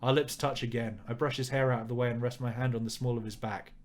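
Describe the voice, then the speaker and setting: A man's voice: medium pitch, steady tone, quick pace. Wry man reading a game aloud. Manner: wry, joking asides. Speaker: let's player. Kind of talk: reading a visual novel aloud with commentary.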